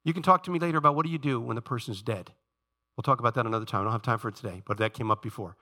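Bright-voiced man preaching a sermon. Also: medium pitch, rapid-fire. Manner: conversational preaching, rising to emphatic peaks. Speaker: pastor. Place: church.

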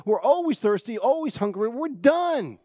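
A grumbling, whining crowd of ancient wanderers, put on by a preacher in the middle of his sermon. The voice jumps high and strains with exasperation. It sounds dry and close. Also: sing-song, normal speed, darkish tone, no echo. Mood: whiny. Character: whiny complaining crowd of ancient Israelites.

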